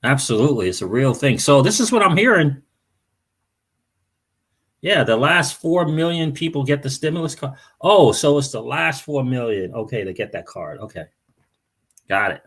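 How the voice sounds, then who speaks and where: A man's voice: mid-range voice, animated, normal speed, a bit bright, slightly rough. A man hosting a crypto livestream, chatting casually, greeting viewers by name and repeating phrases. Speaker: crypto channel host.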